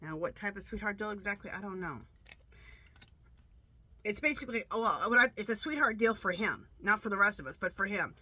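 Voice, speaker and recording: This woman's mid-range voice is brisk, sharp in tone and slightly rough. Talking casually to camera as a tarot reader, she rambles chattily with many restarts, her nose stuffed from allergies.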